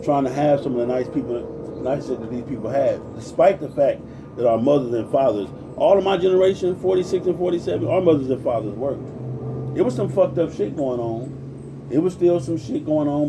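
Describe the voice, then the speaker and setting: A man's voice: mid-range voice, distant mic, background noise. A man in his forties from Compton, California, ranting in a casual livestream, cursing freely and greeting viewers by name as he preaches. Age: 40s. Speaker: livestream host.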